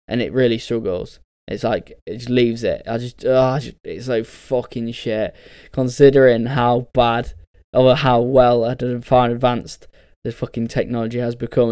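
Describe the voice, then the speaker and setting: A man's voice: medium pitch, a little mellow, no echo, studio quality. A man hosting a casual solo podcast, rambling and sweary, ranting in bursts. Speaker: podcast host.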